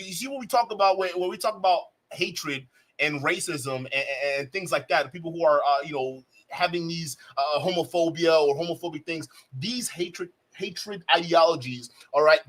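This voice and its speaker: A man streaming live, reacting to a clip with animated, mocking commentary. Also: a little high, moderate pace, poor audio. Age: adult, has a child. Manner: animated, mocking, breaks into laughter.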